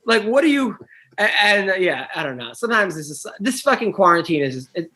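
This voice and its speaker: High, bright-voiced man rambling on a podcast. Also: fast talker. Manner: rambling, restarts, animated when annoyed. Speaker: podcast co-host; wrestling coach. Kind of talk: casual podcast chat.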